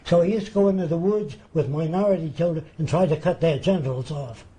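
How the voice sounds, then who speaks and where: An older man, a TV interview guest, tells his stories with animation and slips into the voices of the people he quotes. His voice is fairly high for a man, yet dark and mellow in tone. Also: quick pace, poor audio. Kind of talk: storytelling in a TV interview.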